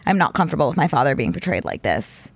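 A woman's voice: low-pitched, sing-song, fast, creaky, husky, dry recording. A young adult woman co-hosting a podcast in casual chat, telling stories with lots of "like" fillers. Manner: chatty, filler-heavy storytelling with lots of "like". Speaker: podcast co-host.

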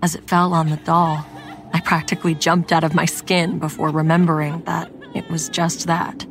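A woman's voice: low voice, level tone, normal speed, slight background noise. A woman narrating a first-person horror story in a tense, scripted storytelling manner. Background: music.

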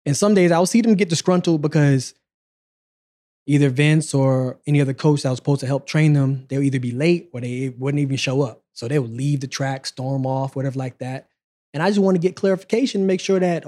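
A man in his forties, hosting a podcast and casually telling his life story in a relaxed, conversational way. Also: fairly high pitch. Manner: relaxed, conversational, acts out quoted dialogue.

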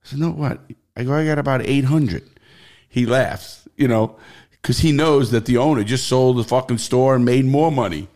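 A middle-aged man with a New York accent and medium-pitched voice guests on a podcast, telling stories at normal speed in a casual interview. He's blunt and animated, swearing freely.

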